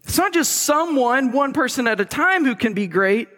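High-voiced male preacher in a reverberant church. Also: expressive, moderate pace, pushed and bright. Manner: conversational storytelling, playful. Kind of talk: sermon.

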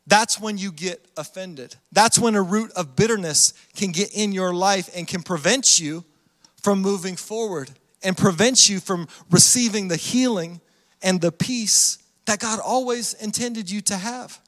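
High-voiced pastor preaching in a reverberant hall. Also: male voice, measured pace. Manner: animated storytelling with acted-out voices. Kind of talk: sermon.

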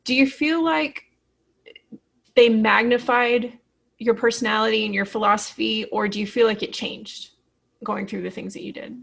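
Husky woman interviewer with vocal fry. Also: fairly high pitch, fairly even intonation, moderate pace, a bit bright. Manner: agreeable, asks long probing questions. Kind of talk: conversational interview.

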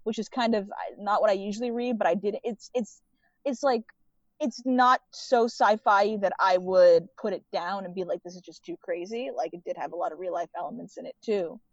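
A woman's voice: medium pitch, steady tone, moderate pace, no echo. A woman chatting casually as a podcast guest, full of "like" fillers. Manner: chatty, many "like" fillers, laughs often. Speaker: guest writer and filmmaker. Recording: dull muffled audio, dry.

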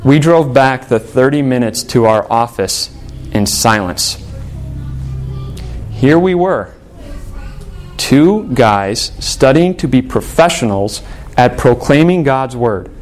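A man's voice: mid-range voice, animated, takes it slowly, long pauses, darkish tone, soft background music. Storytelling male pastor preaching. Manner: conversational storytelling preacher, acts out quoted voices. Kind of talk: sermon.

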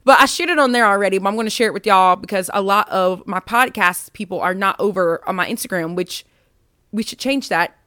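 A woman's voice: mid-range voice, brisk, sharp tone, smooth, no room sound, clean studio sound. A young woman hosting a casual faith podcast, rambling and self-mocking as she chats with listeners. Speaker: podcast host.

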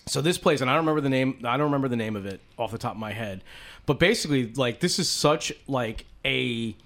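A man's voice: mid-range voice, animated, quick pace, a bit bright. A man in casual chat, telling rambling stories full of swearing. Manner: profane, rambling storyteller.

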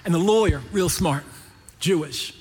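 A man's voice: on the high side, a little slow, slightly rough. A middle-aged man preaching a sermon, joking and storytelling as he acts out the voices of the people in his stories. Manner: animated, jokey, acts out quoted voices. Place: large church hall. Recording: echoey hall.

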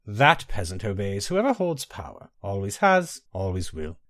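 A man playing a smooth, cunning rogue. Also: fairly low pitch, big pitch swings, normal speed, a bit bright, no room sound, clean studio sound. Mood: coaxing. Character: charming, cunning male thief and schemer. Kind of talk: audiobook reading.

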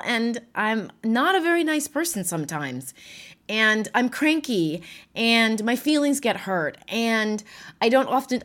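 A widow speaking candidly and emotionally about her life, laughing often and swearing now and then. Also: fairly high pitch. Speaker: widow sharing her story. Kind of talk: candid personal talk.

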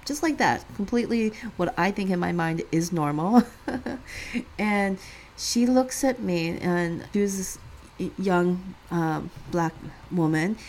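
A woman with a fairly low voice tells a personal story in a relaxed, conversational way. She laughs often and lifts her voice when quoting other people. A faint hiss of noise sits under the recording. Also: a little slow. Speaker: podcast co-host.

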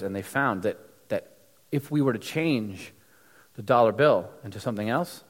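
A man's voice: mid-range voice, big-room sound. A man from the United States giving a casual, conversational sermon with many fillers and restarts. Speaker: preacher.

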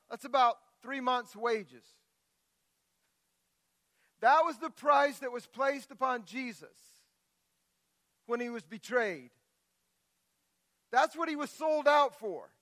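High-voiced impassioned male pastor preaching. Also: unhurried, long pauses, dry recording. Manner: builds from quiet scripture reading to loud impassioned exclamations. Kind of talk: sermon.

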